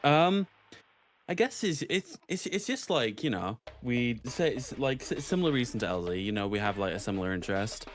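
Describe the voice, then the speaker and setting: Woman guest, lively pitch, hesitant rambling delivery, casual chat. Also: moderate pace, faint music behind. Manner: hesitant, rambling with many restarts. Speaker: guest musician.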